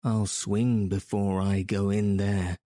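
A man's voice: lowish voice, little pitch movement, slow, dark tone, no room sound, clean studio sound. A man reading an audiobook, voicing a dogged male pirate who growls back stubbornly. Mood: defiant.

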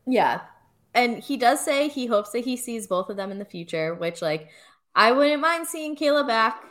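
A woman's voice: on the high side, lively intonation, moderate pace, fairly bright tone. A young woman co-hosting a podcast, chatting casually with lots of fillers and frequent laughs. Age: young adult. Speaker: podcast co-host. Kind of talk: casual chat.

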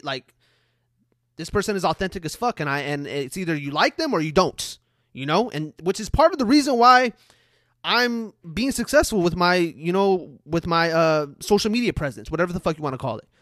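A man's voice: high voice, expressive, quick pace, fairly bright tone, no echo, clean studio sound. A man giving a casual motivational monologue as a social media creator, blunt and profane, repeating himself for emphasis and talking straight to his viewers. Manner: addresses viewers directly.

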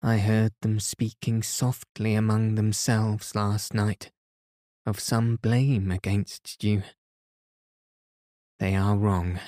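A man's voice: lowish voice, level tone, slow pace, warm tone, dry recording, clean studio sound. A man reading the part of a devoted young blind woman who speaks tenderly and earnestly.

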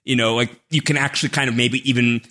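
A man's voice: mid-range voice, quick pace. A young man chatting casually, rambling with lots of fillers. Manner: rambling, lively, filler-heavy. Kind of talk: casual chat.

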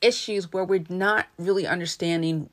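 Woman podcast host, lowish voice, earnest coaching delivery in short paused phrases. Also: fairly even intonation. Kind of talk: solo motivational podcast talk.

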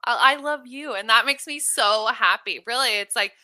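A woman hosting a podcast in casual chat, bubbly and quick to laugh, swearing now and then. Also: a little high, bright, forceful tone, dry recording. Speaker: podcast host and business coach.

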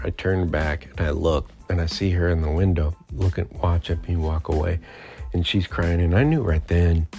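A man's voice: low-pitched, dark tone. A middle-aged man hosting a podcast, telling a personal story in a rambling, reflective way with many fillers and restarts. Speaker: podcast host.

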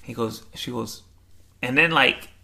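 Gravelly, bright-voiced young man telling stories. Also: mid-range voice, measured pace. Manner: slangy storytelling with mimicked voices. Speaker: podcast co-host. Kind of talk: casual chat.

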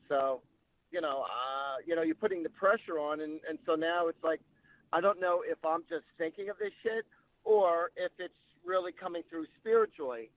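A man's voice: a little high, moderate pace, dry recording. Man telling stories over a tinny line. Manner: chatty, animated retelling with quoted dialogue. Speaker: psychic medium guest. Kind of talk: casual storytelling.

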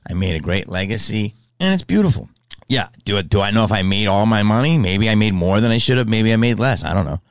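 A man's voice: lowish voice, lively intonation, quick pace, no echo, rough recording. A middle-aged man in casual chat, rambling and profane, with many restarts.

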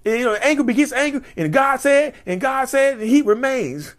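A man's voice: very high voice, animated, normal speed, voice pushed up. A man putting on the voice of an angry narcissist who rants in rambling, senseless word salad. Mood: ranting. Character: ranting angry narcissist spouting nonsense.

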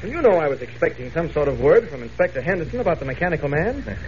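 Brief: an eager young reporter, animated and quick, dull old radio recording. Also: male voice, a little high, a little hiss or hum. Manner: eager, earnest. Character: mild-mannered male reporter, secretly heroic. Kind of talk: 1940s radio acting.

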